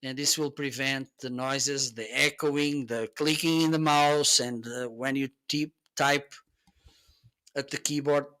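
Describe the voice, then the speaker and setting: Bright-voiced man demoing gear. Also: medium pitch, steady tone, measured pace, clean tone. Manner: chatty, keeps checking in with "okay?". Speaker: live-stream host reviewing gear. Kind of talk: casual product demo. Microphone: desk USB microphones being tested.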